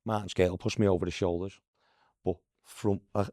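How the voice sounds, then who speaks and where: A man with a broad Scouse accent spins an anecdote in an easy, chatty way. His speaking voice sits on the low side, and his pitch jumps up sharply whenever he mimics other people. The recording is dry and close, with no room sound. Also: a little fast, no echo. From Liverpool, England. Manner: animated, mimics voices in anecdotes, says "lad" constantly. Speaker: guest, former footballer. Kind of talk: casual storytelling.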